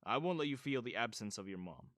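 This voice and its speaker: A man voicing a stern, controlling father who speaks firmly and calmly. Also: medium pitch, quick pace, dry recording, clean studio sound.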